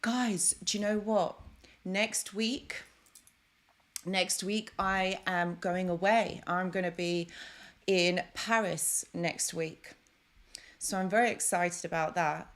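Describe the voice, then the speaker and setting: A woman talks straight into a desk microphone from a room at home, hosting a live stream. Her voice sits a little low for a woman, and she chats effusively and warmly, greeting viewers one by one. When she turns to advice, she becomes encouraging and reassuring. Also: steady tone, takes it slowly. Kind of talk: casual live stream chat.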